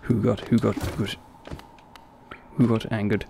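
A man's voice: lowish voice, little pitch movement, measured pace, gravelly, warm tone, slight background noise. A young adult man streaming a game live, chatting playfully with his viewers and laughing often. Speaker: gaming streamer. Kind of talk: casual live-stream commentary.

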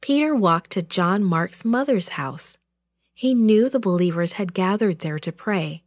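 Slow, expressive woman storyteller. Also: medium pitch, no echo, studio quality. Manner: expressive, deliberate reading. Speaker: children's church storyteller. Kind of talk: storybook narration.

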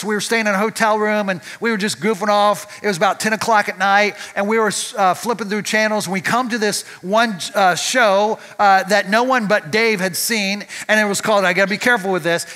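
Bright, high-voiced male pastor preaching. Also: fairly even intonation, a little fast, few pauses. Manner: conversational, asks the audience rhetorical questions. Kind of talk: sermon. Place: church.

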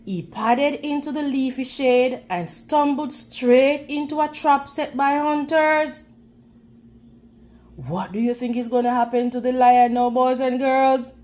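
A woman reading a storybook aloud to children, slowly and clearly, pausing to ask them questions and praise them. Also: high-pitched, darkish tone. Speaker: children's read-aloud narrator.

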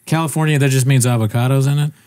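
A man's voice: medium pitch, steady tone, racing, a little mellow. A young man co-hosting a podcast, chatting casually in a joking, laid-back way with plenty of swearing. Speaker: podcast co-host. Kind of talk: casual chat.

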